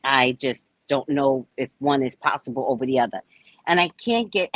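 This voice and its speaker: A woman with a very deep voice talks at a moderate pace, with no echo. As a psychic reader and spiritual adviser, she rants casually to camera in a blunt, profane, exclamatory way, laughing often between remarks and speaking asides to the viewer.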